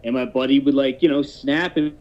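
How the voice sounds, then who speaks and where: A man's voice: mid-range voice, fairly even intonation, a little fast, darkish tone. A man in his thirties telling a long story in casual chat, rambling and swearing, with many restarts. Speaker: podcast host telling a story. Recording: dull lo-fi podcast audio.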